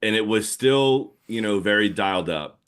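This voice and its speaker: Deep-voiced man. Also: moderate pace, smooth. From New Orleans area, Louisiana. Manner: animated storytelling with laughs. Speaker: guest comic artist. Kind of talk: casual podcast chat.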